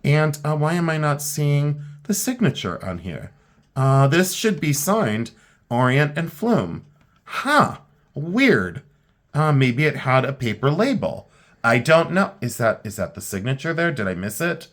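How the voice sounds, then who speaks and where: With a fairly high, sing-song voice at a measured pace, a tired middle-aged man talks candidly through a preview of vintage jewelry he's selling. He sounds worn out, drifting a bit as he chats in a frank, plain way.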